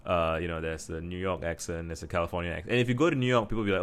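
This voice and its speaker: A man's voice: low voice, steady tone, racing, vocal fry, hardly any pauses. A man from Singapore with a Singaporean English accent, talking casually to camera and thinking aloud with many restarts. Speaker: vlogger.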